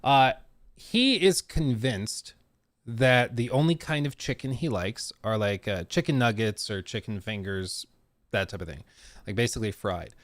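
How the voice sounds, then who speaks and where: A young adult man co-hosting a casual podcast, animated and acting out quotes with big pitch swings. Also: measured pace, dry recording, studio quality. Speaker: podcast co-host.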